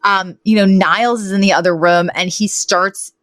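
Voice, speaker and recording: A woman co-hosting a podcast, casually retelling a sitcom episode with animated storytelling, acting out the characters' lines and laughing often. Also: mid-range voice, normal speed, no room sound. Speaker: podcast co-host. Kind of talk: casual recap chat.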